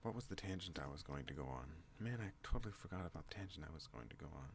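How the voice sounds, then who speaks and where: A man hosting an ASMR channel, talking in a slow rambling way and drifting off on tangents. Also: gravelly, a little hiss or hum. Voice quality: deep relaxed voice. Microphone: non-binaural desk microphone.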